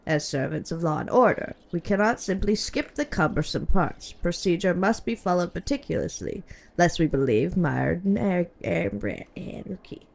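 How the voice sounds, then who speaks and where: A woman's voice: on the low side, lively intonation, gravelly, a little mellow, voice pushed down. A woman reading as a prim imperial bureaucrat. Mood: formal. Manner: formal, measured, coolly polite. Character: prim female imperial bureaucrat, cold and precise. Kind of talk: reading game dialogue aloud.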